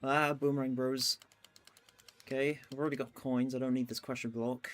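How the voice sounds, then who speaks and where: A man's voice: medium pitch, little pitch movement, moderate pace, fairly bright tone. Chatty man streaming a racing game. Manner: chatty, laughing, narrating his race. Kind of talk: live gameplay commentary.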